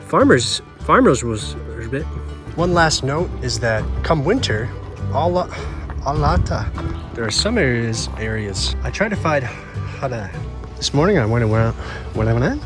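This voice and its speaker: A man hosting a gardening show keeps tripping over his words and starting again. His pitch moves around a lot, and music plays clearly underneath. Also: very animated, a little slow. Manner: flubs lines, restarts and laughs at himself. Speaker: gardening channel host. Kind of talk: blooper reel of casual garden vlogging.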